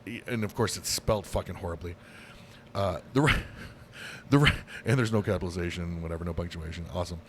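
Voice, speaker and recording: Podcast co-host, male, low voice, rambling and profane, faint room noise behind. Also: lively intonation, brisk. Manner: rambling, swears a lot, many fillers and restarts. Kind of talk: casual chat.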